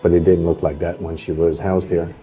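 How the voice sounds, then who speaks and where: A man's voice: sits low, little pitch movement, a little fast, lo-fi sound, faint music behind. A man co-hosting a travel vlog, describing the places he visits with easy enthusiasm and frequent "uh"s. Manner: enthusiastic, awed, with fillers. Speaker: travel vlogger. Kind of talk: casual travel vlog commentary.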